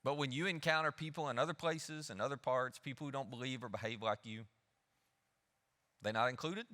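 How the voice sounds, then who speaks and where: A man preaching a sermon, lively, acting out the people he quotes. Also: mid-range voice, a little fast. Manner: animated, acts out the people he quotes. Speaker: pastor. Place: church hall. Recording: long hall reverb.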